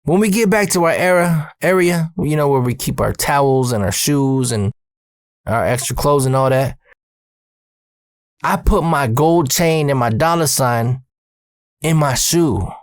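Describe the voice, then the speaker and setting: Profane animated male storyteller. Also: a little high, unhurried, no room sound, studio quality. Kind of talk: casual storytelling vlog.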